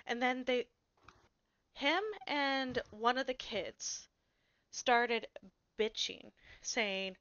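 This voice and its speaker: A woman with a higher voice co-hosts a podcast, telling a story slowly in blunt, freely profane casual chat and animated style. The recording has no room sound, and its highs are cut off.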